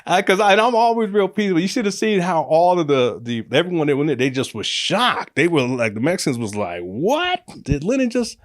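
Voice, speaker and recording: A middle-aged man casually telling a personal story, animated, laughing often and acting out what people said. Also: a little high, fast talker, hardly any pauses, no echo, studio quality. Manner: animated, laughs often, acts out quotes with raised voice.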